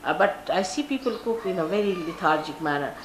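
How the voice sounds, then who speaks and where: Speaking a little fast in a fairly low, animated voice, an older woman from India gives a spiritual talk in an Indian English accent. The spiritual teacher tells stories and acts out the people she quotes, captured in a roomy archival live recording with slight background noise.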